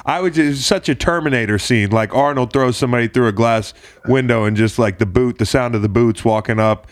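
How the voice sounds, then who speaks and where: A man's voice: mid-range voice, fairly quick, no room sound. A younger male host chats with a guest and asks eager, playful questions, laughing easily. His voice is recorded up close and dry, with little room sound. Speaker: podcast host. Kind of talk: casual interview chat.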